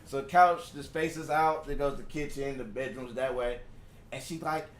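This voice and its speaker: A man's voice: medium pitch, moderate pace, a little hiss or hum. A man telling a profane story on a live stream, acting out the quotes. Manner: animated, acts out quotes, profane. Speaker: guest storyteller.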